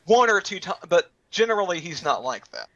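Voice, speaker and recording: A man from Texas hosting a casual gaming roundtable, chatting loosely and breaking into quick silly voice impressions. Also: high-pitched, sing-song, bright, forceful tone. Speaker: host of a gaming roundtable stream. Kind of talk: casual chat. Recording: lo-fi dull sound.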